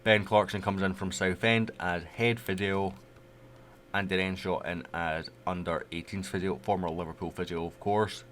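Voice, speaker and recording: A man's voice: low voice, steady tone, moderate pace, a bit bright, slight background noise. A man giving casual, rambling commentary over a management game he plays. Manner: chatty, rambling, loose. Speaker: gaming YouTuber.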